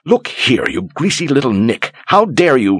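Guy doing a shrieky scared noble lady, way up high, husky underneath, dry sound. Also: big pitch swings, slow, no echo, heavily acted. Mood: indignant. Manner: shrill, pleading. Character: panicked haughty noblewoman, terrified.

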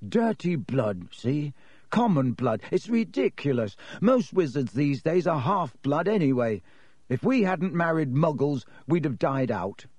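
A man voicing a sick young schoolboy who speaks hoarsely and weakly. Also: a little high, very animated, measured pace, darkish tone, no room sound, exaggerated voice. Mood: queasy.

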